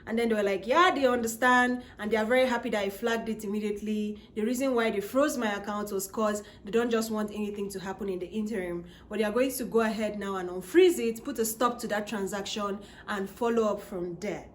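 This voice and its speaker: A woman vlogger telling a personal story in a casual, animated way, acting out her own replies. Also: brisk, hardly any pauses, a little hiss or hum. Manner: animated, acts out her own quoted replies with rising pitch. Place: living in Canada.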